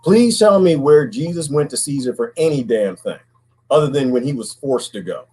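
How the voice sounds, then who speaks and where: A man's voice: medium pitch, lively intonation, normal speed, a little mellow, breathy edge, soft background music, poor audio. A man talking alone in a casual, preachy monologue, often asking "right?" and repeating words. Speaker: commentary host.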